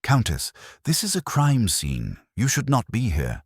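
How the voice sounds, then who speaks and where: A man voicing a brisk, practical police inspector who speaks in a firm, matter-of-fact way. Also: medium pitch, huge pitch swings, husky, no echo, studio quality, pitched above the performer's own voice, heavily acted.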